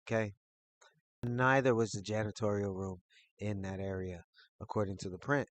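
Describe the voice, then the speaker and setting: A man telling a personal story in a casual, rambling way, full of fillers, who gets animated as he retells it. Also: on the low side, moderate pace, no echo. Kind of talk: casual spoken anecdote.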